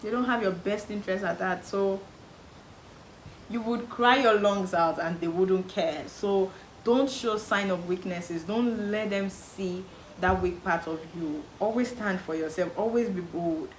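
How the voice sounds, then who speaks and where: In an echoey room with a little background noise, a young woman from Nigeria with a Nigerian accent speaks to camera, unhurried and at medium pitch. Her advice is casual and animated, and she performs her relatives' lines with emphatic repetition.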